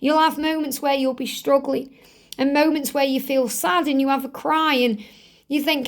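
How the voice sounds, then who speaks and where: High-voiced woman giving a tarot reading. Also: steady tone, normal speed. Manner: earnest, reassuring, speaks straight to the viewer; repeats key phrases for emphasis. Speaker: tarot reader.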